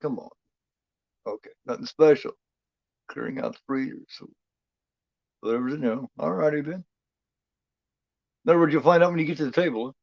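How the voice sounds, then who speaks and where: A man's voice: fairly high pitch, brisk, gravelly, pauses often, a little mellow, no room sound, lo-fi sound. A man hosting a horror film watch-along, chatting in a rambling, profane way, full of "you know" fillers. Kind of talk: casual live commentary.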